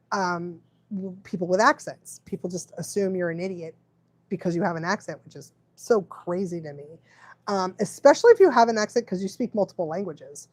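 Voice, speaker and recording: A woman's voice: medium pitch, darkish tone, no echo. A woman dog trainer chatting casually on a livestream, laughing often and fumbling her words now and then.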